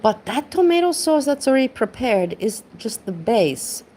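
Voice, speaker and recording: A woman's voice: fairly high pitch, sing-song, normal speed, dark tone, a little hiss or hum. A woman rants bluntly and casually, swearing freely and rambling as she goes. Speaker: commentary streamer. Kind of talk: casual rant.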